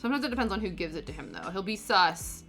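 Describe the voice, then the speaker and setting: A woman's voice: mid-range voice, wildly swooping pitch, quick pace, a bit bright, faint music behind. A woman in her thirties chatting casually while painting her nails, rambling with lots of fillers. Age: 30s. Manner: rambling, filler-heavy storytelling. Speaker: nail-painting vlogger.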